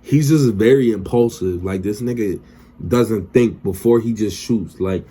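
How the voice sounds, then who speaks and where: Here a young TV recap vlogger speaks a little slowly in a fairly low, warm, slightly rough voice. His casual rundown of the episode is loose, slangy and profane, and he acts out what the characters say.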